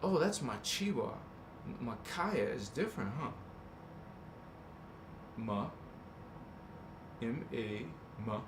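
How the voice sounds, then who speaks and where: A man's voice: medium pitch, big pitch swings, takes it slowly, pauses often, echoey room, noisy background. A man hosting a spiritual livestream, musing aloud, joking and swearing as he sounds out a word. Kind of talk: rambling livestream chat.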